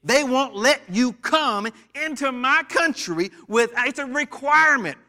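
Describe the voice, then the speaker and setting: A man from the United States preaching in a church, with a high, bright and forceful voice. He leads the congregation in call-and-response and teases its members in a playful way. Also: expressive, a little slow. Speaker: pastor. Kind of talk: sermon.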